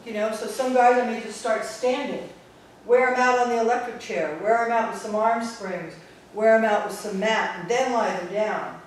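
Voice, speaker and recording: Bronx-accented woman Pilates teacher, sarcastic and no-nonsense, heard from a way off in a booming, echoey studio. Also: normal speed, a little hiss or hum. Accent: New York (Bronx). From the Bronx, New York. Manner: blunt, sarcastic. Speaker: Pilates instructor. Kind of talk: teaching talk to instructors. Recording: very echoey room, distant mic.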